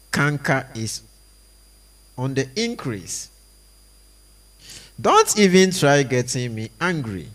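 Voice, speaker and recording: A man reading a stage play aloud, voicing every part and the stage directions in a slow, deliberate way. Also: mid-range voice.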